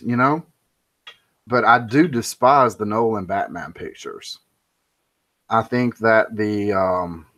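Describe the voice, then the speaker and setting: A man's voice: on the low side, a bit bright. A man giving an opinionated, rambling monologue, emphatic and prone to ranting. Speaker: pop culture commentator.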